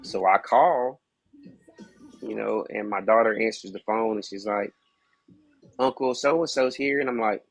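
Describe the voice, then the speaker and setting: Gravelly low-voiced man telling his story. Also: fairly even intonation, normal speed. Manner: casual, fillers like "you know what I mean". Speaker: podcast guest. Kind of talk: candid personal storytelling.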